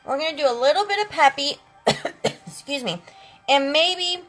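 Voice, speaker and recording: A woman's voice: high-pitched, lively intonation, normal speed, fairly bright tone, poor audio. A talkative, sassy woman chatting with viewers during a makeup live stream, calling them girls and honey. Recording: faint music in the background. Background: eighties instrumental music.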